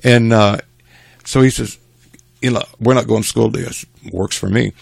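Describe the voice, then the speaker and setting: An older man casually telling a rambling family story, animated and chuckling as he goes. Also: medium pitch, normal speed, creaky, slightly rough, no room sound.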